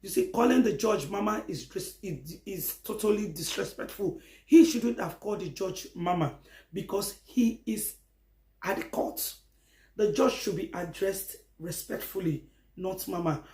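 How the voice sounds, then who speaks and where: A man's voice: high voice, measured pace, a little mellow. A man with a Nigerian accent giving an emphatic opinion commentary, driving his points home with rhetorical questions and repetition. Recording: echoey room.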